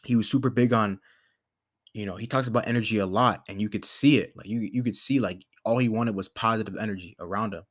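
A man's voice: fairly low pitch, fast. A man hosting a podcast, talking in a casual motivational monologue, rambling with lots of fillers and restarts. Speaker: podcast host.

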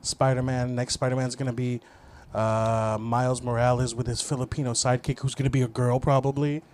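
A man's voice: mid-range voice, little pitch movement, brisk, darkish tone, slight background noise. A man co-hosting a podcast, bantering and cursing casually between jokes. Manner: joking, profane banter. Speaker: podcast co-host. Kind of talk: casual chat.

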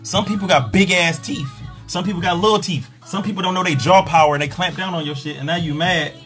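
A man's voice: high voice, fast, a bit bright, faint music behind. A man hosting a live stream, talking casually and crudely about sex, acting out what people say in mocking voices. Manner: crude, joking, acts out quotes.

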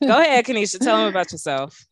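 A woman in her thirties hosting a podcast, chatting casually with lively, profane banter. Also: fairly high pitch, quick pace. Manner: animated, profane, laughing banter. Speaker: podcast host. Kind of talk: casual chat.

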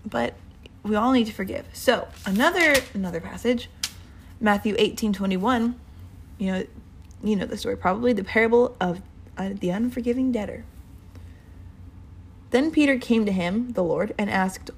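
A woman's voice: mid-range voice, normal speed, gravelly, pauses often, slightly rough. A woman giving an informal, earnest sermon, casual and rambling, with many fillers and restarts. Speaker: Bible teacher.

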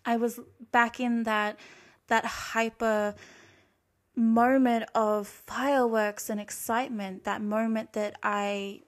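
A woman's voice: on the high side, little pitch movement, slow pace. Earnest young Australian woman confiding. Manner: earnest, reflective, emotional. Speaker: podcast host. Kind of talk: confessional storytime monologue.

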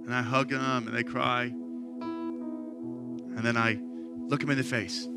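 A man's voice: medium pitch, flat delivery, a little slow, vocal fry, loud music behind the voice. A man in his thirties, a pastor giving an earnest, conversational sermon. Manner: earnest, conversational preaching that rises to impassioned.

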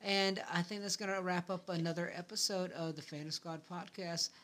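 A man hosting a podcast in casual chat, talking in a relaxed, rambling way with many restarts. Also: sits high, moderate pace. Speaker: podcast host.

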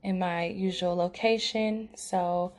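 Speaking slowly with fairly even intonation and a darkish tone, a young woman hosting a podcast tells a personal story in a candid, emotional way. Her voice sits a little low for a woman, and her speech is full of fillers and self-corrections. She is in an unfamiliar room, with outdoor sounds coming through an open window.

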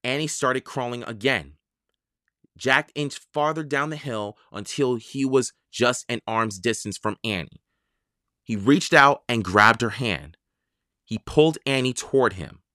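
Children's audiobook narrator, slow, expressive, bright, dry close sound. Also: medium pitch, no echo. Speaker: audiobook reader.

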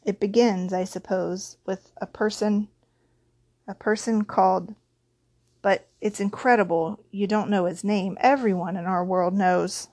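A woman voicing Hagrid, a huge gruff male gamekeeper who talks in a rough dialect with dropped word endings. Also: mid-range voice, fairly even intonation, measured pace, darkish tone, dry recording, lightly acted. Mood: anxious.

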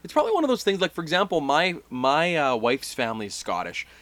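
A man's voice: a little high, huge pitch swings, quick pace, fairly bright tone, no echo. A man co-hosting a casual wrestling podcast, rambling with fillers and restarts. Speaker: podcast co-host. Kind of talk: casual chat.

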